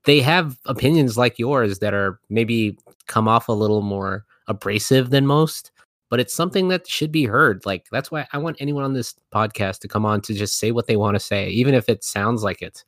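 A man's voice: medium pitch, normal speed, a bit bright, no echo, clean studio sound. A man hosting a podcast interview, chatting casually in a rambling, laugh-filled way with lots of "like". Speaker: podcast host.

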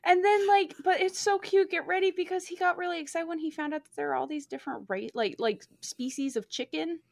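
A woman's voice: extremely high pitch, fairly quick, vocal fry, dry recording, studio quality. A young woman chatting casually as a podcast co-host, gushing and swearing freely with lots of fillers. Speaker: podcast co-host reviewing a book. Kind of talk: casual chat.

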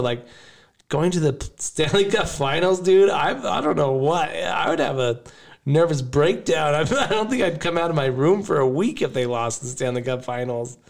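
Rambling, emotional male podcast host. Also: a little high. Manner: rambling, emotional, laughs often. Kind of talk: casual chat.

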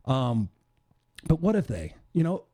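A man's voice: mid-range voice, very animated, a little slow, dark tone. A middle-aged man, a podcast host and coach, giving a blunt, profane motivational monologue in a direct, tell-it-like-it-is way.

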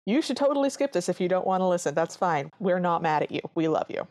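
A woman's voice: on the low side, sing-song, darkish tone, dry recording. Chatty woman podcast co-host, dry sound. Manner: chatty, earnest, quick asides. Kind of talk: casual review chat.

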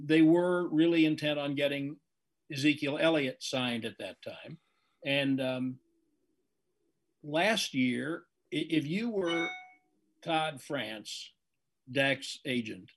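Husky-voiced older male sportscaster. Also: fairly high pitch. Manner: measured, analytical, emphatic. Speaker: veteran sports broadcaster guest. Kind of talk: interview.

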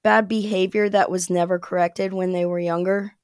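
A woman's voice: fairly low pitch, flat delivery, normal speed, a little mellow, dry recording, studio quality. An American woman talking as a podcast guest, chatty and rambling, with frequent fillers and laughs. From United States. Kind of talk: casual interview chat.

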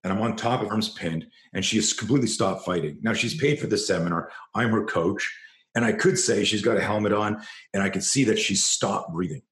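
A deep-voiced man speaks as a self-defense coach, passionate and blunt, swearing and circling back over his words. The recording has a noticeable room echo. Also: fairly quick, fairly bright tone. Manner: passionate, profane, repeats himself at restarts. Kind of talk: storytelling interview guest.

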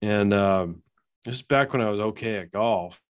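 A man's voice: on the low side, normal speed. A man co-hosting a casual chat, telling rambling stories and laughing often.

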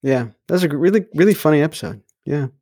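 A man's voice: a little high, fast talker, mellow, dry recording, studio quality. A middle-aged man co-hosting a podcast, recalling memories in casual chat with frequent restarts. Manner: hesitant, repeats words while recalling. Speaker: podcast co-host.

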